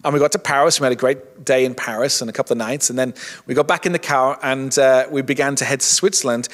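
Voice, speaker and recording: A man's voice: medium pitch, steady tone, fast talker, fairly bright tone, big-room sound. A middle-aged man preaching a sermon in a conversational way, often restarting his words and saying "you know". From England. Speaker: pastor.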